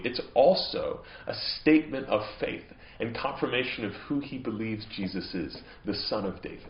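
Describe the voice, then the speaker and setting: A man's voice: fairly low pitch, normal speed, few pauses, reverberant, muffled recording. A man preaching a sermon as pastor, earnest and growing impassioned at times. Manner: earnest preaching, voice rising into emphatic, impassioned stretches. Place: church.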